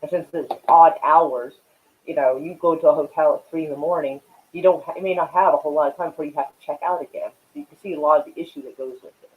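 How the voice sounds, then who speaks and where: Man, live-stream chat, rambling, profane, fairly high voice, tinny phone-like line. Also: fairly even intonation, fast, slight background noise. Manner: rambling and profane, many fillers; smoking while talking.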